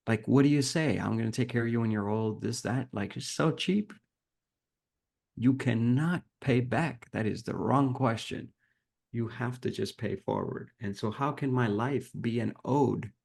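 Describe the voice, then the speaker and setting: With a lowish, creaky voice, a male podcast guest earnestly recounts a reflective personal story, livening up as he acts out what was said.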